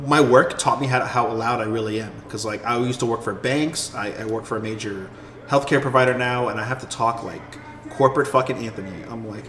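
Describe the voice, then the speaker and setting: A man from New York with a New York accent, talking loudly and swearing freely in casual chat. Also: medium pitch. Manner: loud, fast, swears freely. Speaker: community member on stream talk. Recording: echoey room, clear background noise.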